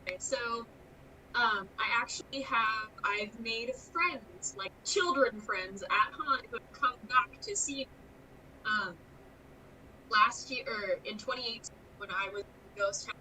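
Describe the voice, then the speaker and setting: A woman's voice: mid-range voice, far from the mic, slight background noise, low-quality recording. A young woman, a scare actor guest, telling stories animatedly and acting out the voices of the people she quotes. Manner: animated storyteller, acts out quotes, frequent laughs. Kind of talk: casual interview chat.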